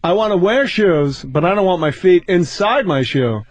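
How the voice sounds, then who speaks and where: Brief: a man putting on a fussy, whiny observational comic, high and bouncy, complaining about everyday things. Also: animated, normal speed. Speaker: comedian guest.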